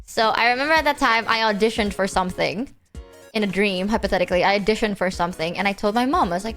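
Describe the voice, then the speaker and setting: In a casual, slang-heavy stream chat, a woman streamer tells stories with lots of animation, hopping quickly between different voices. Her pitch is medium, and faint music plays in the background.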